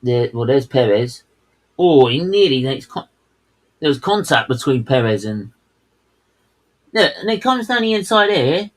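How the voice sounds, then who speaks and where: A race watchalong co-host with a medium-pitched, sing-song voice speaks a little slowly and pauses often, heard on a rough recording. Still, he rants heatedly and swears at the drivers in fuming outbursts.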